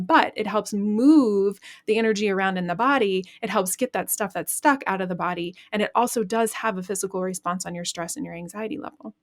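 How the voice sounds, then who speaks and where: A woman hosting a podcast, calmly guiding listeners through an EFT tapping session with repeat-after-me phrases. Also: mid-range voice. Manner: calm instructive, leads repeat-after-me phrases. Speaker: podcast host and EFT coach. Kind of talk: guided EFT tapping lesson.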